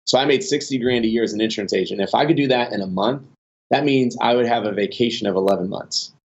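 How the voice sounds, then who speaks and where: A fast-talking man with a medium-pitched voice appears as a podcast guest, rambling through business stories with frequent restarts and fillers. He is animated as he tells them, and the sound is lo-fi.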